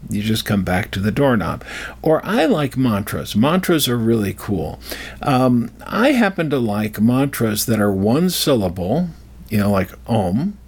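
Speaking a little slowly in a low-leaning, sing-song voice that's slightly rough yet a bit mellow, an older man gives life advice. He drifts off topic, interrupts himself, and keeps restarting sentences as he works through a personal story. It's a casual, rambling monologue.

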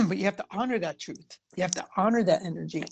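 A woman's voice: mid-range voice, fairly quick, vocal fry, slight background noise. A woman giving a casual, rambling spiritual talk about tarot readings, full of "you know" fillers. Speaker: tarot reader.

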